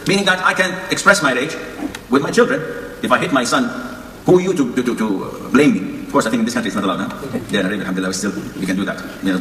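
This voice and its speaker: Fast-talking male preacher in an echoey hall. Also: medium pitch, a bit bright, a little hiss or hum. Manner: earnest advice with wry jokes. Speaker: Islamic preacher. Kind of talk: sermon.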